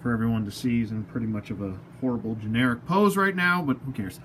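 Guy rambling thru a toy unboxing at home, cracks jokes at himself, talks to the figure, mid pitch, bit of hum in the room. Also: fast. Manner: rambling, self-mocking, talks to the toys. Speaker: toy collector reviewer. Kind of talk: casual unboxing review.

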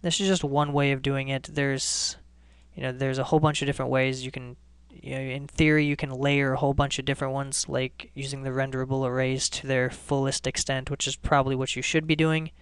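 A man hosting a screencast programming lesson, explaining each step in a relaxed way and often restarting his sentences. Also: mid-range voice, brisk, few pauses, smooth, no echo. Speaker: coding tutorial host.

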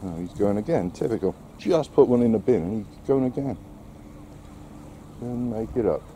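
A man chats through a casual outdoor vlog as he walks his dog along a quay. His low, very dark voice swings widely in pitch, and he drops in dry, sarcastic remarks. A faint hiss of outdoor noise sits behind him. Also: animated, moderate pace. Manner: wry, sarcastic asides to camera and dog. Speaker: vlogger walking his dog.

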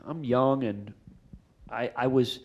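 Animated middle-aged man telling stories. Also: mid-range voice, slow pace. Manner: animated, acts out voices in anecdotes. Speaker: film director, Q&A guest. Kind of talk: storytelling at a live Q&A. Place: theater stage after a screening.

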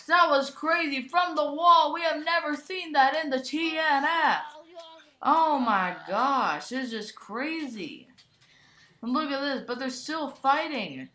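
A young woman giving an excited play-by-play commentary on a toy wrestling match, often breaking into shouted exclamations. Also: high voice, slow. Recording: echoey room.

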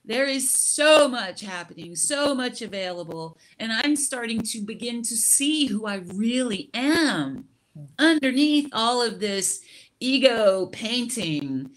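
A middle-aged woman on a video call, sharing her personal experience slowly and reflectively, with frequent laughter and restarts. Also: a little high, lively intonation.

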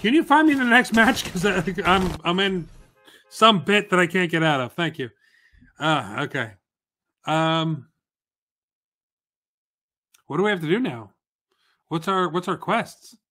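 A man giving casual, joking commentary while playing a video game, with excitable outbursts. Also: sits high, unhurried, long pauses. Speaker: gaming streamer.

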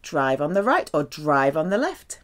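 A woman teaching French, carefully saying each example and explaining its meaning. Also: low-pitched. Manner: slow, careful, lively delivery with drawn-out French examples. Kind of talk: language lesson.

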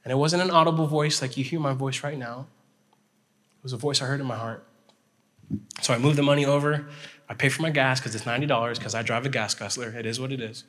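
A man's voice: mid-range voice, fast. Pastor guy preaching a story sermon, keeps checking in w the crowd, big echoey chapel. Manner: animated storyteller, checks in with listeners. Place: chapel hall. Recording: long hall reverb.

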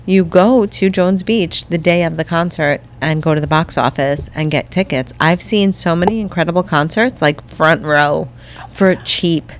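A woman co-hosting a podcast in casual chat, gushing and eager, quick to agree with her partner. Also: lowish voice. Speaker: podcast co-host.

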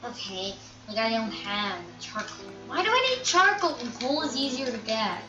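A woman's voice: fairly high pitch, sing-song, normal speed. A woman giving casual let's-play commentary, chatty, grumbling at the game and scolding the animals on screen. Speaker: gameplay commentator. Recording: dull, echoey, distant mic with game music. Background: game music.

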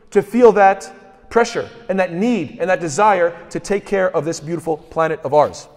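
A man's voice: high voice, a little mellow, in a large hall. A man delivering a sermon, asking rhetorical questions and quoting scripture in Arabic. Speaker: speaker at a mosque.

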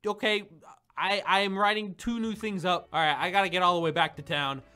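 A man's voice: high voice, fairly even intonation, brisk, noisy background. A young man giving playful, silly gameplay commentary, joking and chatting with his viewers. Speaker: gaming video creator.

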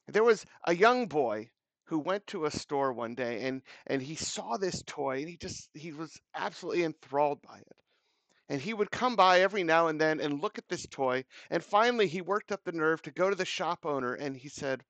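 A pastor gives a daily devotional message, telling a story earnestly and acting out each quote. His voice is a little high with a gravelly grain. The sound is dry and close. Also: lively intonation, normal speed, fairly bright tone, no room sound.

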